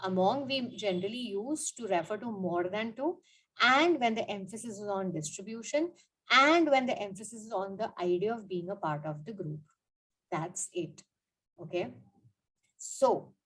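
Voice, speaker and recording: A woman's voice: medium pitch, lively intonation, measured pace, fairly bright tone, slightly rough, poor audio. A woman teaching grammar, repeating her points and asking questions as she goes. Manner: repeats points, frequent "okay" and "you know". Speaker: English teacher. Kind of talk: explaining grammar with examples.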